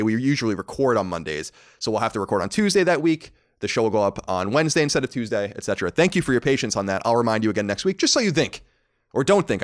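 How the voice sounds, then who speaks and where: Brief: male podcast host, faded New York accent, rapid sardonic delivery, lively swooping pitch. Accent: New York, mostly faded. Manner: fast, sardonic, animated delivery. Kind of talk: casual podcast chat.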